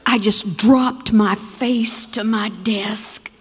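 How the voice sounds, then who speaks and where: A woman from Texas telling a story on stage, dramatic and slowing for emphasis. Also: medium pitch, steady tone, breathy edge. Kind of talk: live storytelling performance. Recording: long reverb of a performance hall.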